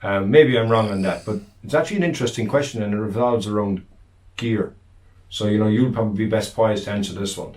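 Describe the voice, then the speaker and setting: A man with an Irish accent co-hosting a podcast, reading listener questions in a relaxed, modest way. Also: lowish voice, quick pace. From Ireland. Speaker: podcast co-host. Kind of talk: casual chat. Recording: roomy, distant from the mic.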